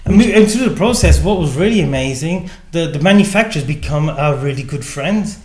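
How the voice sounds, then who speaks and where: A man, a gin distillery founder, telling a lively story in conversation and acting out the dialogue. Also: brisk. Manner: acts out quoted dialogue with changing pitch. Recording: echoey room.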